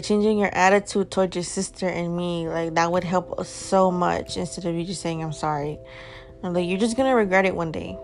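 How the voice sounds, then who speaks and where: A young adult woman telling a personal story to her viewers in a casual, rambling way, filling her talk with "like" and swearing bluntly. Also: mid-range voice. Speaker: vlogger.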